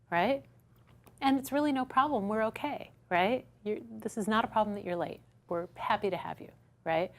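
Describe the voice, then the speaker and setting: A woman instructor teaching a workshop lesson to a small audience. She acts out customer dialogues as she goes and keeps checking in with "right?". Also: mid-range voice. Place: studio classroom with a small audience.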